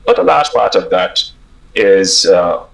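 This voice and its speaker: A man from Jamaica answering interview questions in a measured way, with many pauses and uhs. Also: sits low, animated, gravelly, poor audio. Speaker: government official.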